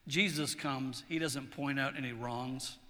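A man preaching a sermon in a large church hall, telling stories in a relaxed, chatty way and often repeating words. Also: mid-range voice, unhurried. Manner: conversational, storytelling, repeats words. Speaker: pastor. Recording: long hall reverb.

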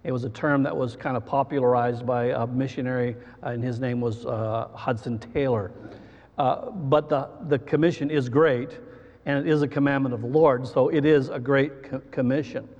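A man preaching a sermon as pastor, halting, with frequent fillers and restarts. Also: mid-range voice, fairly even intonation, darkish tone. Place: church sanctuary. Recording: muffled church hall with long reverb.

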